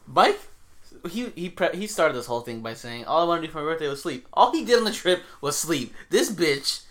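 A man's voice: on the high side, sing-song, brisk, fairly bright tone. A man hosting a casual podcast, telling stories in a mocking, profane way and laughing as he talks. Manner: profane, mocking storyteller who laughs while talking. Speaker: podcast host. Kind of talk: casual chat.

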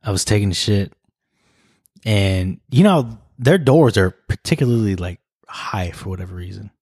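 A man's voice: lowish voice, animated, moderate pace, darkish tone, breathy edge, no echo, studio quality. A man co-hosting a podcast, telling a story in a casual, profane way and acting out the voices of the people in it. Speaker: podcast co-host. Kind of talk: casual chat.

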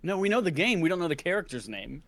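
A man's voice: fairly high pitch, very animated, fast talker, fairly bright tone. A man playing in a trivia game show, bantering bluntly with friends, swearing and laughing. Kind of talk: casual banter among friends.

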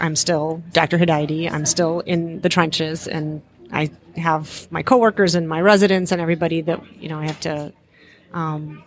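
Laid-back woman with a lower voice. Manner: relaxed, laughs easily, many fillers. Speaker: physician and guest. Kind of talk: casual interview chat.

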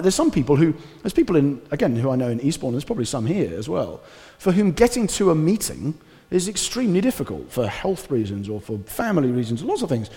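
A male pastor giving a conversational, animated sermon with casual asides. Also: on the high side. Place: church hall. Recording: reverberant church hall.

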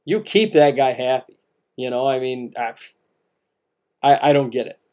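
Guy on a sports podcast, mellow tone, keeps hammering the same point and restarting sentences. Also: medium pitch, moderate pace. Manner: emphatic, repeats points, many restarts. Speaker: podcast co-host. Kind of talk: casual sports talk.

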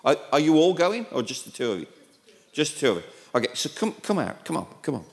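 A man's voice: on the high side, big pitch swings, quick pace, creaky. British man, guest preacher, self-deprecating humour, long hall reverb. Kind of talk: sermon. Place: church sanctuary.

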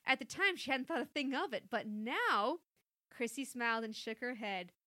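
Bright, high-voiced woman reading a story. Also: expressive, normal speed, no room sound, studio quality. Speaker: reader of an interactive story. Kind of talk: storybook narration with chat.

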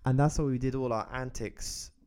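A man's voice: mid-range voice, fairly even intonation, normal speed, a little mellow. A man hosting a podcast, telling a long story in casual chat, rambling and restarting as he goes. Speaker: podcast host.

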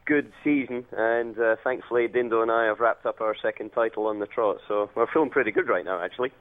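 A man's voice: medium pitch, quick pace. Scottish male phone guest, laid-back, tinny line. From Scotland. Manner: relaxed storytelling with many fillers. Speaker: racing driver guest. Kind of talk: phone interview.

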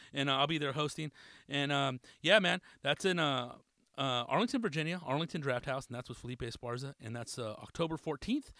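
Male podcast host, bright and punchy, dry close mic, loose and profane delivery. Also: medium pitch, no echo. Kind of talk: casual podcast shout-outs.

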